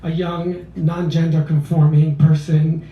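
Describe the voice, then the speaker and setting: A man in his sixties from Philadelphia, reading a memoir poem at a cafe open mic in a measured, deliberate way. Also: fairly high pitch, little pitch movement, highs cut off. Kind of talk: poetry reading of a memoir piece. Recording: roomy, distant cafe mic.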